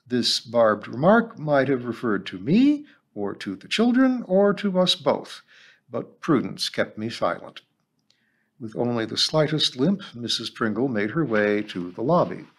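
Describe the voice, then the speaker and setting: Read as a man hosting a book reading: keep the pitch moving and lively, at an ordinary middle pitch, telling the story with expression. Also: unhurried, breathy edge. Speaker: host reading a novel aloud. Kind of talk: reading a novel aloud.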